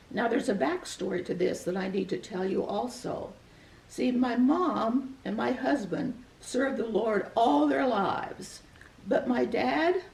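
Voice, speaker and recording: Older woman, gravelly, echoey and distant. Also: fairly high pitch. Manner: gentle, earnest, reflective. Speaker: guest sharing a personal testimony. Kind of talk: heartfelt storytelling testimony. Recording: echoey room, voice from far off the mic.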